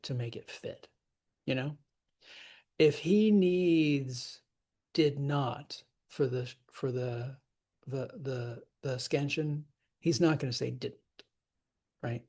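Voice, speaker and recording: Husky guy teaching shakespeare scansion, slow and chatty, laughs a lot, counts out the stresses. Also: mid-range voice, darkish tone. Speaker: acting teacher. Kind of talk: scansion lesson.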